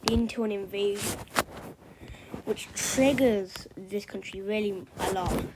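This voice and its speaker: A woman's voice: medium pitch, steady tone, measured pace, heavy background noise. A woman casually narrating a map scenario, rambling with lots of fillers and offhand remarks. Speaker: map video creator. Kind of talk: casual commentary over a map.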